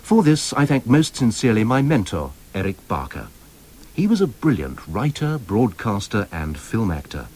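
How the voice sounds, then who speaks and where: A man reading quotations aloud in an expressive, formal manner. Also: on the low side, normal speed. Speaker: reader of quotations.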